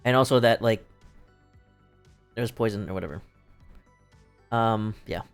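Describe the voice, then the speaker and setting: A man's voice: fairly low pitch, a little slow, clean tone, soft background music. A man recapping a play on a live stream in casual talk, rambling and profane and laughing often.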